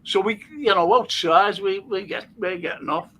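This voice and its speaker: A man's voice: high voice, normal speed, bright, forceful tone. An older man with a Liverpool accent, hosting a casual chat, reading out viewer comments and telling stories with frequent laughter. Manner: storytelling, laughing often. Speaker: host.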